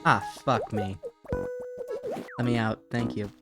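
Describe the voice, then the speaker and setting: A man's voice: fairly low pitch, slow. A man giving casual gaming commentary as a streamer, goofy and self-mocking, sometimes slipping into a silly put-on accent. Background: game music.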